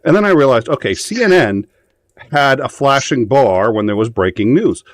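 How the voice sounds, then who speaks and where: A man's voice: medium pitch, lively intonation, normal speed, dry recording, clean studio sound. A man hosting a live show, telling a story in rambling, profane casual chat full of fillers. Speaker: host.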